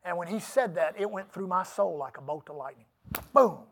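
Casting: middle-aged man, pastor, emphatic folksy sermon storyteller, high-pitched voice. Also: brisk, slight background noise. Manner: storytelling, folksy and emphatic, with laughs and asides to the congregation.

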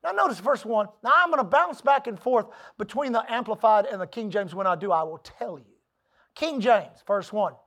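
A pastor preaching a sermon, emphatic, asking the congregation for an "Amen" and building from quiet asides to loud declarations. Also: mid-range voice, animated, moderate pace.

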